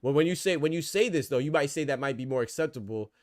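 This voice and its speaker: A man hosting a boxing podcast, talking fast in casual debate and repeating words as he thinks. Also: on the high side, expressive, darkish tone.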